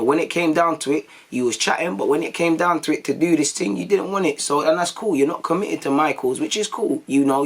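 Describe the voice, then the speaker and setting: A young man, a vlogger telling stories to his viewers in a casual, animated way, full of slang and acted-out quotes. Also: mid-range voice. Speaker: YouTube vlogger.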